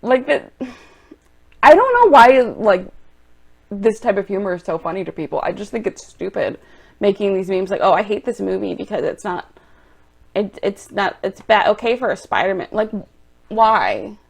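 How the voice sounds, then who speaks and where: A young woman vlogger reacting to online film reviews, exasperated and ranting, turning loud and quick when annoyed. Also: medium pitch, animated, creaky. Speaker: movie vlogger.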